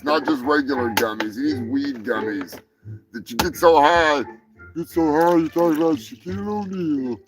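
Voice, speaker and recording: A man's voice: a little high, a bit bright, rough recording. A man hosting a live comedy news show, who rambles, jokes and swears. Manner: rambling, profane, joking. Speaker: host. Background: music.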